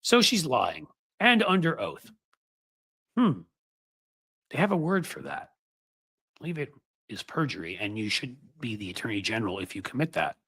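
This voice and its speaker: Sarcastic, animated male political commentator. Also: medium pitch, normal speed, long pauses, breathy edge.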